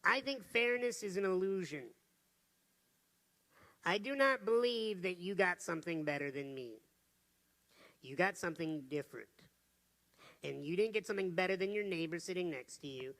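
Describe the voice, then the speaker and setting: A man giving an energetic, humorous motivational talk from a stage to a live audience. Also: sits high, normal speed. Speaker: motivational speaker.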